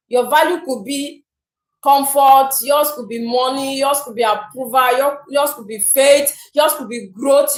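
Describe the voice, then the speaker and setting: A woman giving a motivational talk to viewers, animated and acting out the people she describes. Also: high-pitched. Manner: animated, acts out imagined people. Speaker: motivational speaker. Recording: roomy echo.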